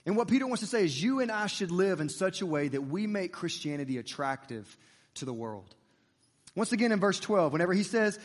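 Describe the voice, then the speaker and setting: A man preaching a sermon, chatty and lively, joking with the congregation. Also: sits high, long reverb tail. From United States. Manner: conversational and lively, with playful asides to the congregation.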